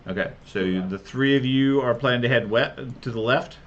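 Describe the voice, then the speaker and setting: Halting male game master, lo-fi. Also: mid-range voice. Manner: halting, with fillers and restarts. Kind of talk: narrating a tabletop game.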